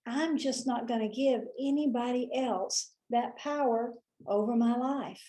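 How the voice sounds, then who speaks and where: A woman with a Southern accent spins a folksy anecdote with lively emphasis. Her voice sits a bit high for a woman. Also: measured pace. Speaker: motivational storyteller. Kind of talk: folksy storytelling monologue.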